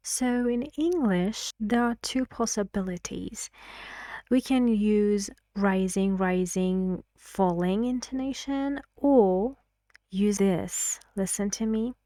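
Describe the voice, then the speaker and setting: A woman teaching an English pronunciation lesson, speaking slowly and clearly and reading example sentences aloud. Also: medium pitch, darkish tone, dry recording, clean studio sound.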